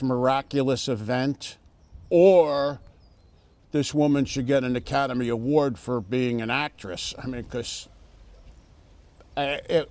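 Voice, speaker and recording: A middle-aged man tells his story in a relaxed, slow interview voice at a mid pitch. He hesitates often, restarting sentences and filling pauses before he reaches the point. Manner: halting, many fillers and restarts, storytelling. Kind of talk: casual interview testimony.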